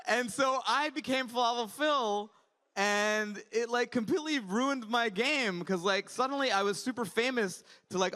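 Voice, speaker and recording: A male comedian in his thirties working a conference crowd in a chatty, wry stand-up style. His voice sits high and bright, and it cuts cleanly through a handheld stage mic.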